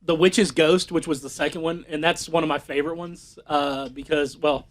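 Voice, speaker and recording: Podcast co-host, man, high pitch, rambling casual delivery. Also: fairly even intonation, moderate pace. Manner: rambling with many fillers. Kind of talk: casual chat.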